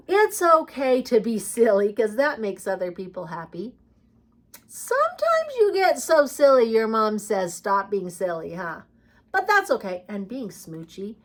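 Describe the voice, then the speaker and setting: A woman reading a picture book aloud and leading a preschool lesson with songs, speaking slowly and encouragingly to small children. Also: medium pitch. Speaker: preschool teacher.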